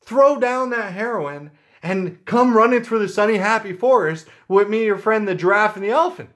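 A man doing a high, eager cartoonish bunny. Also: animated, moderate pace, fairly bright tone. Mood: pleading. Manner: pleading, singsong invitation. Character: cheerful preachy bunny, small and eager.

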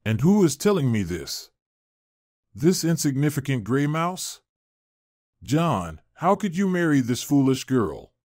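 A man reading the lines of a scheming, bossy older mother-in-law who makes shrill, accusing outbursts. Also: very animated, unhurried, darkish tone, no room sound, clean studio sound. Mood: scornful.

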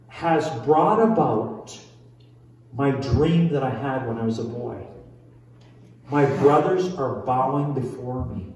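A man's voice: on the high side, animated, measured pace, darkish tone. A male pastor preaching a sermon in a conversational way, full of restarts and questions to the congregation. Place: large church hall. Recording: echoey church hall from far off.

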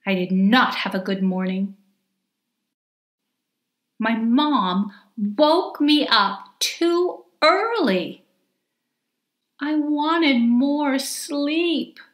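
A woman reading her own children's picture book aloud in a gentle, deliberate, expressive way. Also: medium pitch, echoey room. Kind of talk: slow storybook narration for children.

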